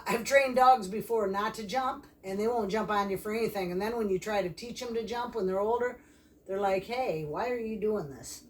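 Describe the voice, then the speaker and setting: Woman explaining puppy training outdoors, distant mic. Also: mid-range voice. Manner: plain, practical explaining. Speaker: dog trainer. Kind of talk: casual instructional vlog. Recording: distant mic, faint background noise.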